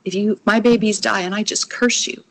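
A woman's voice: medium pitch, fairly even intonation, fairly quick, a little hiss or hum. A middle-aged woman, earnestly telling a personal faith testimony as a guest and acting out the voices in it. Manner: earnest, storytelling, acts out quoted voices.

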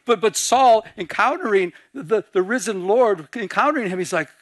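High-voiced preacher, animated and dry. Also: male voice, moderate pace, dry recording. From Michigan. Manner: animated, acts out dialogue in quieter voices. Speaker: pastor. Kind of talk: sermon.

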